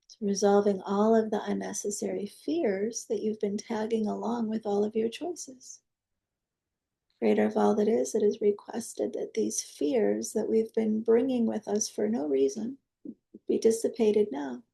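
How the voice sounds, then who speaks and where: Deep, gravelly woman leading a guided meditation. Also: fairly even intonation, unhurried. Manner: soft, coaxing, prayer-like invocations. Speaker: energy healing teacher.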